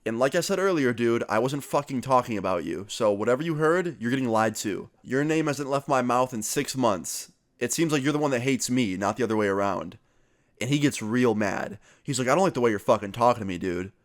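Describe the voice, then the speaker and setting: A man's voice: medium pitch, brisk. A young man casually retelling a school story as a vlogger, swearing freely and acting out both sides of the conversation. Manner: casual, profane, animated retelling. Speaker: youtuber. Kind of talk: storytime vlog.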